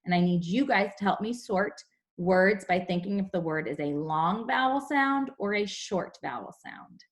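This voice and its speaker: A young woman teaching a phonics lesson to young children over a video call, explaining slowly and clearly. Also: mid-range voice. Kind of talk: online class phonics lesson.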